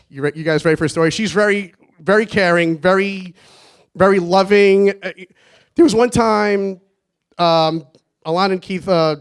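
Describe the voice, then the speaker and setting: Nervous high-voiced man toasting his brother. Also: normal speed, clear, resonant tone. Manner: nervous, rambling storytelling with frequent laughs. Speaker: groom's brother giving a toast. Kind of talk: wedding toast speech. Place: wedding reception.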